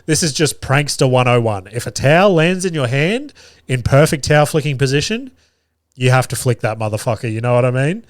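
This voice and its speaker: A man in his thirties hosting a podcast, telling a profane, lively anecdote about his family with frequent laughter. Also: mid-range voice, fairly quick, no echo, studio quality. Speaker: podcast host. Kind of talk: casual storytelling.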